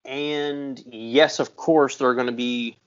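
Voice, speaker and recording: A man co-hosting a podcast in casual chat, relaxed, rambling and profane. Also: medium pitch, takes it slowly, dull audio. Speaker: podcast co-host.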